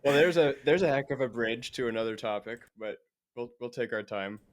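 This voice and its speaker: A man hosting a relaxed interview, asking his guest questions in a calm and encouraging tone. His voice sits at an ordinary mid pitch and keeps a gentle conversational pace. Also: fairly quick. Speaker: podcast host.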